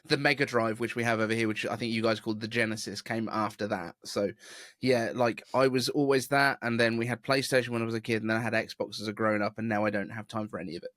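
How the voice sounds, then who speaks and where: A man's voice: fairly low pitch, fairly even intonation, quick pace, fairly bright tone, dry recording, studio quality. A man from southeast England with a neutral southern English accent, hosting a casual podcast chat in a chatty, rambling way. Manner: chatty, rambling, self-deprecating. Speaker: podcast host. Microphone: video call.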